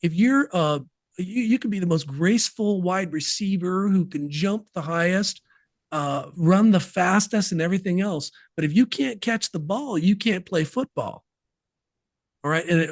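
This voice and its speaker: A man's voice: sits high, dry recording, studio quality. A man guesting on a podcast interview, talking about business systems in an emphatic, folksy way with sports analogies.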